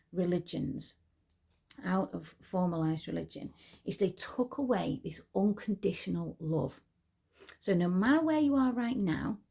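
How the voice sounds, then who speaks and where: A woman at home, softly guiding a meditation and movement practice at an unhurried pace, with quiet whispered asides. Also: fairly low pitch, vocal fry, husky. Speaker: spiritual teacher. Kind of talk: guided meditation and movement instruction.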